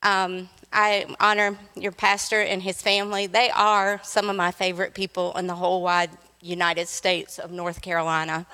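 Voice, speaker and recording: A woman's voice: fairly low pitch, flat delivery, moderate pace, hardly any pauses, pushed and bright, clear, resonant tone. A woman guest preacher giving a sermon in a church, playful and joking with the congregation. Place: church sanctuary. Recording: long hall reverb.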